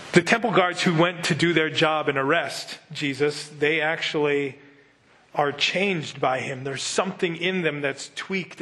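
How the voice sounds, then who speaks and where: Guy preaching a bible study, kinda high voice, chatty, does little voices for quotes. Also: a bit bright. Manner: conversational, acts out quotes in character voices. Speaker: pastor. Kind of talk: sermon teaching.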